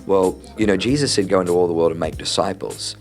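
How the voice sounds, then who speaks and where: Deep-voiced pastor, earnest. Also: male voice, fast talker, a little mellow, soft background music. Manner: earnest, preacherly, repeats words when starting. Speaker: senior pastor. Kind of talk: casual interview chat.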